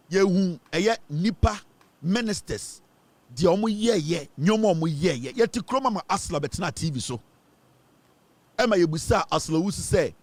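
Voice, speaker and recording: A man's voice: high-pitched, no echo. A Ghanaian man hosting a political commentary show, ranting and mocking as he switches between English and Twi.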